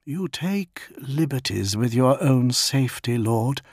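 A man's voice: mid-range voice, expressive, slow, a little mellow, breathy edge, dry recording, clean studio sound, heavily acted. A man voicing a blunt, disdainful female bodyguard who mutters scornfully.

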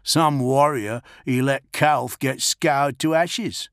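A man's voice: medium pitch, fairly even intonation, slow pace, a bit bright, clean tone, dry recording, clean studio sound, voice pushed up. A man voicing a sulking young man who speaks with resentful scorn. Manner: sulky, scornful.

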